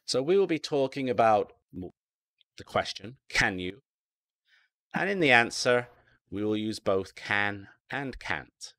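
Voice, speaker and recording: A British man teaching an online English lesson, speaking slowly and enunciating carefully, repeating words so learners can drill them. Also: lowish voice, expressive, fairly bright tone, no room sound. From Britain. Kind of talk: online ESL lecture.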